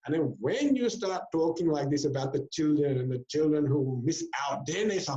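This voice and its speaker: A swami spinning a lively spiritual talk. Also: male voice, a little high, moderate pace, few pauses. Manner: lively storyteller who acts out people's voices. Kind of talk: spiritual discourse to a congregation. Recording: roomy, dull lecture recording.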